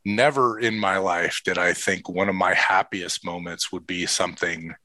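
A man's voice: deep voice, normal speed, no echo. A middle-aged man telling an emotional personal story as a father and coach, earnest and heartfelt, acting out what others said. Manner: earnest, emotional, quotes others in lively voices. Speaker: father and assistant football coach.

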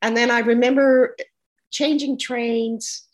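A woman's voice: a little high, fairly even intonation, slow, poor audio. An older American woman hosting an interview show, talking in a chatty way with frequent restarts. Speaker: show host. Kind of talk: casual interview chat.

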